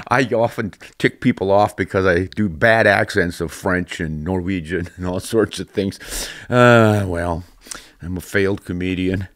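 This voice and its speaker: Deep-voiced older man, chatty and laughing. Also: measured pace, a bit bright, no echo, clean studio sound. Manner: chatty, laughs often, self-deprecating. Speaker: podcast host. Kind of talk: casual podcast chat.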